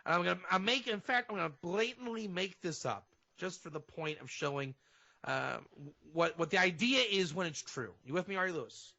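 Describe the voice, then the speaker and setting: A man, a rabbi and guest on a radio show, teaching in an animated way and sometimes acting out fervent prayer. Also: high voice, fairly quick, gravelly. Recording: dull lo-fi radio audio.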